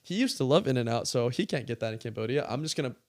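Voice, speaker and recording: Man, casual interview guest, chatty storyteller, lots of "like", mid-pitched voice. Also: fast talker. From California. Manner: animated, fills speech with "like", acts out quoted dialogue. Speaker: guest creator.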